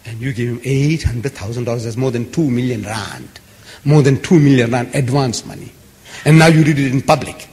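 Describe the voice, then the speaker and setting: A man's voice: medium pitch, normal speed, a little mellow. A man giving an impassioned public lecture, speaking emphatically and stacking long repeated lists. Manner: emphatic, repetitive, building lists. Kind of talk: impassioned lecture to a live audience. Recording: echoey hall.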